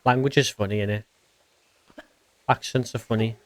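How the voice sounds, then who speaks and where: A man's voice: on the low side, steady tone, normal speed. A man with an English accent, chatting casually on a game live stream as he reads out and answers viewer messages.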